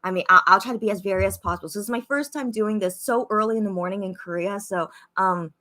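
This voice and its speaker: A young woman hosting a casual livestream, chatting excitedly with viewers and reading out their comments, full of fillers and restarts. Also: medium pitch, quick pace. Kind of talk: casual live-stream chat. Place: Korea.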